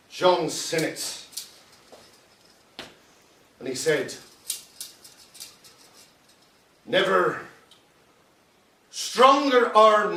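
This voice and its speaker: A man's voice: high voice, a little hiss or hum, exaggerated voice. A man playing a proud Civil War captain. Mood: proud, wistful. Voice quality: animated storyteller, breaks into shouted quotes. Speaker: actor in a one-man stage play. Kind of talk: theatrical monologue. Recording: roomy, distant stage recording.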